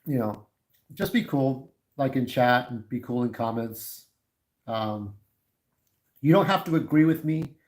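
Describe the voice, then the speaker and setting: A man's voice: medium pitch, measured pace, long pauses, poor audio. A man in his forties chatting casually on a livestream, candid and opinionated, talking straight to his viewers. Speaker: YouTube livestreamer.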